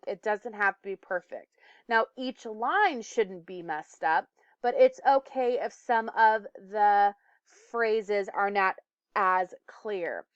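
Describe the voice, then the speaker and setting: A woman teacher with a clean, higher-than-average voice gives a recorded lesson, with no room sound and the highs cut off. She explains things step by step, occasionally stumbling, using fillers or correcting herself.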